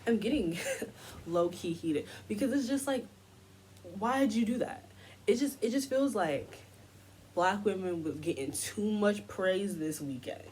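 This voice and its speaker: A woman's voice: mid-range voice, animated, unhurried, darkish tone, slight background noise. A woman giving a heated commentary rant, indignant and sarcastic. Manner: indignant, sarcastic, mocking quoted voices. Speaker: commentary vlogger.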